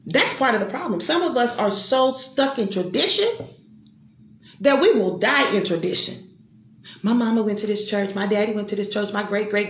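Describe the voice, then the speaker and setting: A woman's voice: mid-range voice, roomy sound. A middle-aged woman giving an emphatic, preacher-like personal testimony and calling out to the listener. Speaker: motivational speaker.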